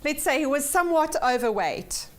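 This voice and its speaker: High-voiced upbeat woman teaching a class. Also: very animated, moderate pace. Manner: upbeat, checks in with the class, repeats for emphasis. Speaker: personal development course teacher. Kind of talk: weekly workshop lesson to a class.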